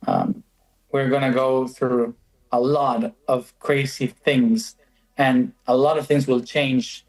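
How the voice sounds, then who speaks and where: A man who speaks slowly in a medium voice, thoughtful and calm as he reflects as a guest. His pace is unhurried and even. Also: mid-range voice, rough recording. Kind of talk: reflective conversation.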